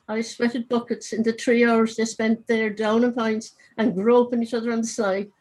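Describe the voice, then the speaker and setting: A woman's voice: fairly high pitch, close to an everyday voice, poor audio. A woman reading as a wry dead Cork man. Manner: wry, chatty storytelling. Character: dead Cork man narrating wryly from his urn. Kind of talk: reading aloud from her novel. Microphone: video call.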